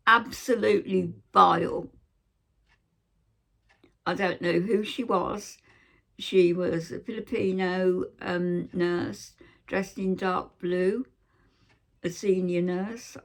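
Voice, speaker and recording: A woman telling a personal story to camera in an aggrieved way, pausing often and acting out what others said. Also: lowish voice, steady tone, gravelly, fairly bright tone. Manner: aggrieved retelling, acting out others' lines, frequent hesitations. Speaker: vlogger.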